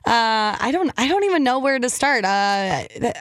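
A woman co-hosts a call-in radio show in a casual, chatty way and reacts with quick quips. Her voice is fairly high, and it is recorded close and dry in the studio. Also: very animated, dry recording. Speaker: radio co-host.

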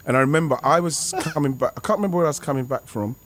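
A former footballer, telling a rambling, excitable anecdote over a remote call. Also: male voice, medium pitch, very fast, a little hiss or hum. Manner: rambling, excitable, many restarts and fillers. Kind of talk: casual anecdote on a podcast.

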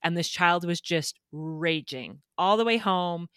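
A woman's voice: on the low side, measured pace, a bit bright, no echo, studio quality. A woman hosting a podcast, telling a parenting story with light laughs. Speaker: podcast host. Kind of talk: podcast conversation.

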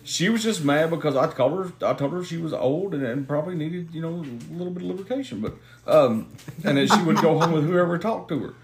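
A man's voice: on the high side, expressive, fast, slight background noise. A man talking bluntly and emphatically as a guest in a casual podcast chat, swearing freely.

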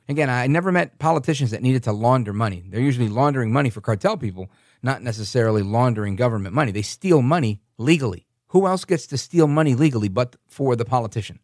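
A man hosting an opinionated political monologue, sarcastic and quick to mimic others in silly voices. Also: medium pitch, expressive, a little mellow, no room sound, clean studio sound. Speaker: political commentary host.

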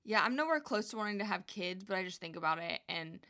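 Young woman vlogger, gravelly edge, loose and chatty, mid pitch. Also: expressive, fast talker, pushed and bright. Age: young adult. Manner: chatty, rambling, lots of likes and you knows. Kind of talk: casual vlog chat. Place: Hawaii home.

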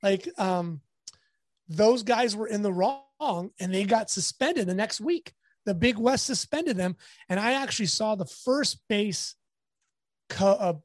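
His voice sits high as the sports photographer spins stories in an easygoing interview, acting out whoever he's quoting. The recording is free of room sound.

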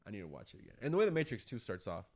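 A man co-hosting a podcast, talking about movies in a rambling, animated way with a lot of swearing. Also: fairly low pitch, very fast, background noise. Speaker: podcast co-host. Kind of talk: casual chat.

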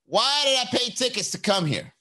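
A man's voice: very high voice, sing-song, normal speed, sharp tone, pitched above the performer's own voice, heavily acted. A man putting on a whiny, sulky woman heckler. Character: petulant complaining woman audience member.

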